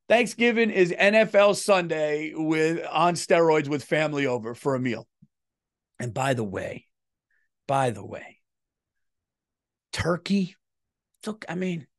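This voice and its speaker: A man's voice: a little high, no room sound, studio quality. A middle-aged man, hosting his comedy podcast in a casual, profane rant and feeling unwell. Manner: profane, animated, swings loud and quiet.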